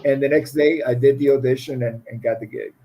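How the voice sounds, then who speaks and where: This guest musician, a middle-aged man with a foreign accent, rambles and laughs through his stories in a casual interview, frequently starting phrases over. He talks a little fast in a steady, mellow mid-range voice, captured in a low-quality recording.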